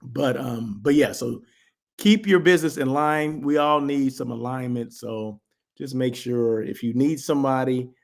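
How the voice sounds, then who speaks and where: A man's voice: medium pitch, measured pace, gravelly. A man hosting a live daily show, chatting casually in a rambling way with lots of asides and restarts. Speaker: host. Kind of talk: casual livestream chat.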